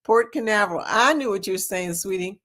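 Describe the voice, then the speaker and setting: A woman's voice: medium pitch, a little fast, fairly bright tone. A woman hosting a casual live chat, reading comments aloud and laughing often. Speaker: livestream host.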